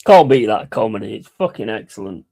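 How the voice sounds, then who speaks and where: A man's voice: fairly low pitch, animated, fairly quick, gravelly, mellow, husky, dry recording. A man chatting casually on a live stream, rambling and swearing between chuckles.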